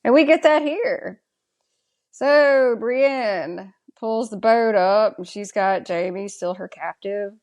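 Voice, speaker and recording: Slow-talking woman podcast co-host. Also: mid-range voice, darkish tone. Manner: chatty and opinionated, asking her co-host's views. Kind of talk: casual chat recapping a TV episode.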